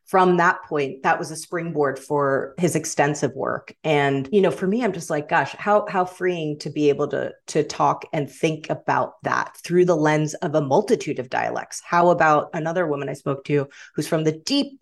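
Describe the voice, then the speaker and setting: A woman guest in casual conversation, telling animated stories and slipping into quoted voices. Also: sits low, normal speed, vocal fry, few pauses. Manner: animated storyteller who slips into quoted voices.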